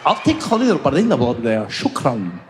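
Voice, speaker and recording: A man's voice: mid-range voice, huge pitch swings, a little fast, noisy background, pitched below the performer's own voice. A man voicing a mock airline safety video announcer with rolling, exaggerated, sing-song delivery. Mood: grandiose.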